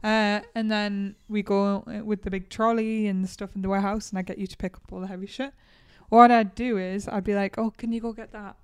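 A woman's voice: medium pitch, flat delivery, fairly quick, few pauses, clean tone, no echo. A woman in a casual chat, teasing with dry, joking banter.

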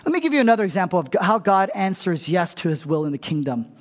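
A man's voice: high-pitched, sing-song, quick pace, big-room sound. A middle-aged man preaching a conversational sermon as a pastor, casual and humorous, often checking in with his listeners. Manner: casual and humorous, often asks the crowd "right?".

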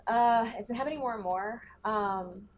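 A woman's voice: fairly high pitch, moderate pace, a little hiss or hum. Rambling, swearing woman chatting. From grew up in the country. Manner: rambling, swears freely, many fillers. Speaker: podcast co-host. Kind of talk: casual chat.

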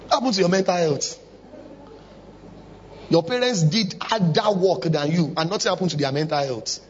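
A man's voice: high-pitched, normal speed, long pauses, slight background noise. A man preaching a sermon in church, emphatic and full of rhetorical questions. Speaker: pastor. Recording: dull lo-fi recording.

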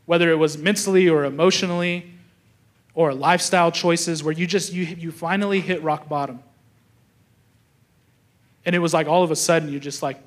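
Man, pastor, young adult, sermon, storytelling, acts out quotes, fairly high voice. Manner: storytelling, acts out quoted thoughts, restarts often.

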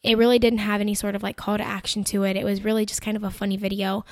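A woman telling a personal faith story in a chatty, animated way, full of "like" and "you know". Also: mid-range voice, rapid-fire, dry recording, clean studio sound. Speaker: Christian content creator. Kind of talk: casual faith-based storytelling.

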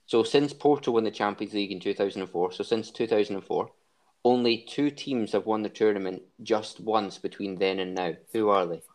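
Male podcast host, teasing, laughs a lot, lowish voice. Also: fairly quick, darkish tone. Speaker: podcast host running a quiz. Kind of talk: casual banter.

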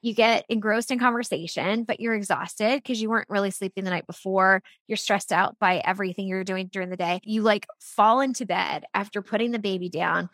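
A woman's voice: mid-range voice, steady tone, a little fast, few pauses, fairly bright tone, no echo, studio quality. A middle-aged woman talking casually as an interview guest, telling stories with laughs and restarts. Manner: chatty storytelling with laughs and restarts. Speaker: guest, product founder.

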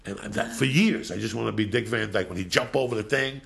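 Spanish-native host from Cuba, 50s, low gravelly voice, salty storyteller. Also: male voice, fast talker, slight background noise. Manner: profane, animated storyteller. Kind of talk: casual chat, storytelling.

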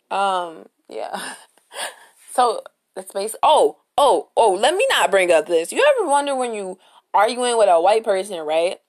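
Young woman podcasting solo, blunt and animated, swears a lot, super casual. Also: on the high side, a little slow. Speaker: podcast host.

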